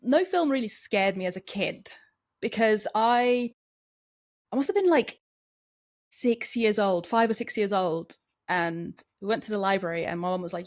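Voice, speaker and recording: A woman's voice: medium pitch, fairly quick. Chatty woman telling stories. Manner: chatty, animated storyteller. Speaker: film podcast co-host. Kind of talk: casual chat.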